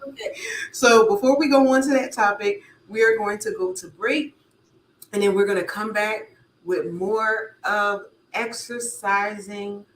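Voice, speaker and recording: A woman's voice: mid-range voice, a little slow. A woman hosting a talk show, upbeat, mostly giving brief affirmations. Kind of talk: casual talk-show chat. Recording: roomy with faint noise.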